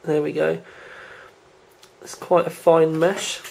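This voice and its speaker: A man's voice: fairly high pitch, little pitch movement, slow, gravelly, a little mellow, slight background noise. A man hosting a casual tech review, chatting informally while he handles the product and films it with a handheld camera indoors. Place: indoor room.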